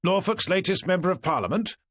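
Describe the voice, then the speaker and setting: A man voicing a blustering, jovial police superintendent with a booming, ingratiating manner, in an audiobook reading. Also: animated, fairly quick, a bit bright, no echo, clean studio sound. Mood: hearty.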